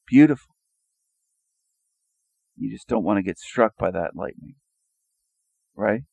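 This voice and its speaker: A man with a low, gravelly voice talks through a sarcastic monologue, asking question after question and repeating himself. The sound is dry and close, with no room around it. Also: moderate pace, no echo. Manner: rhetorical questioning, mocking, repetitive. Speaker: video commentator. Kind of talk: sarcastic monologue over images.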